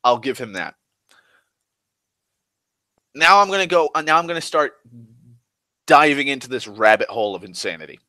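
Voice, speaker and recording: A young man talks through a loose, rambling vlog monologue, restarting sentences and swearing freely. His voice is bright and forceful, picked up dry and close with no room sound. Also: mid-range voice, animated, moderate pace, pauses often, no room sound. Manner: rambling, restless, full of restarts and "like", swears freely, swings loud and soft. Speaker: vlogger.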